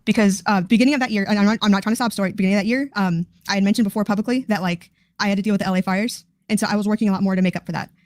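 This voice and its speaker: A woman's voice: mid-range voice, fairly even intonation, very fast, few pauses, darkish tone, no echo, clean studio sound. A woman on a call giving a hesitant account, stumbling and repeating words. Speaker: guest on a call. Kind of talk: casual account.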